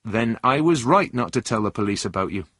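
A man playing a level-headed lorry driver who talks calmly. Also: fairly low pitch, fairly quick, dry recording, clean studio sound. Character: steady adult lorry driver.

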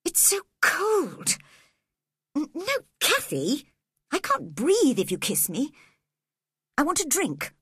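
A woman's voice: high voice, big pitch swings, slow, long pauses, a bit bright, dry recording, clean studio sound, voice pushed up, full character voice. A woman voicing a spoiled, feverish boy who whines and pities himself in a storybook reading. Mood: peevish. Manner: whiny, petulant. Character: spoiled feverish sickly boy, peevish and self-pitying.

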